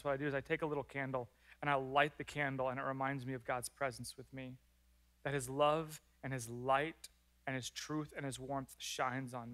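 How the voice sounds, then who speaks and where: A male pastor preaching a sermon in church, animated and acting out prayers and complaints. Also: medium pitch. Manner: animated, acts out prayers and complaints in lively voices.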